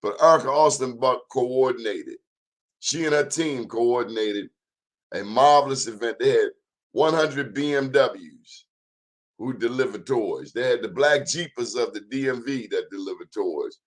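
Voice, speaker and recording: A man's voice: mid-range voice, measured pace. A man hosting his own talk show, giving an emphatic, preachy monologue in a folksy, plain-spoken way. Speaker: show host.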